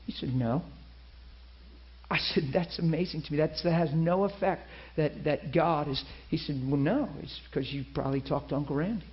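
Male preacher, storytelling sermon, slightly high voice, muffled lo-fi sound. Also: moderate pace. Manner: animated storyteller acting out quoted people.

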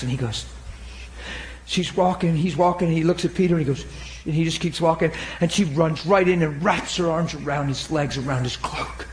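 A male preacher delivering an emotional sermon, animated and at times laughing through tears. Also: a little high, normal speed, a little hiss or hum.

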